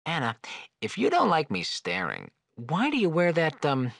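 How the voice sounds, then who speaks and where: An actor playing a wisecracking, lecherous floating skull in a video game, leering and sarcastic. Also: male voice, fairly high pitch, huge pitch swings, moderate pace, vocal fry, a bit bright, dry recording, exaggerated voice. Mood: teasing, leering. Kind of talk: video game character dialogue. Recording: dry studio voice clip.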